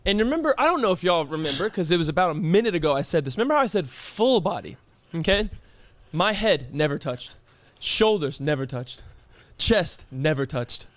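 A young man co-hosting a podcast, telling a story with exasperated, animated mock outrage in casual chat. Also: on the high side, fairly quick, dry recording. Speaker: podcast co-host.

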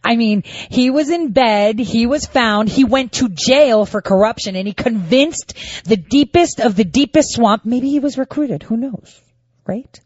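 A woman's voice: a little high, measured pace, darkish tone, no echo, dull audio. A woman giving casual political commentary, firing off rhetorical questions and sarcastic asides.

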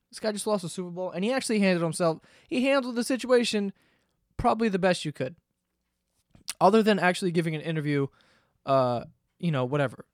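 A young man from the United States talks straight into a close podcast mic, heated and profane as he vents. His voice sits a little high for a man, and the recording is dry with no room sound. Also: no room sound. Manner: animated, profane, exasperated ranting. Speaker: podcast host. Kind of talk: casual monologue rant.

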